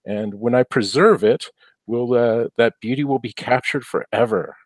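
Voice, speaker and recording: A man voicing an earnest, gentle man who speaks of preserving a beautiful animal. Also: medium pitch, moderate pace, no echo, voice pushed up, natural voice.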